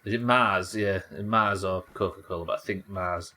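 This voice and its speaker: A man's voice: sits low, moderate pace, bright, forceful tone. A young British man streaming a game live, chatting casually, laughing often and swearing freely. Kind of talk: casual live gameplay chat.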